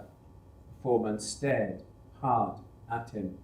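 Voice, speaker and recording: A man reading a novel adaptation aloud in a measured, unhurried way, recorded in a roomy space. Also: medium pitch, darkish tone. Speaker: storyteller. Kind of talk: audiobook reading. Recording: roomy echo.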